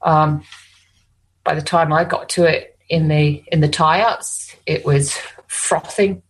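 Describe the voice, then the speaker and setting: Her voice is low, steady, and slow with a breathy edge, heard on a rough recording. She's an Australian animal communicator and hypnotist who tells rambling stories conversationally, restarting often and saying "you know" frequently.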